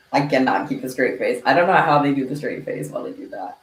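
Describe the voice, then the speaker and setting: A livestream host chatting casually with viewers, playful and teasing, laughing often. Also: mid-range voice. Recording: echoey room.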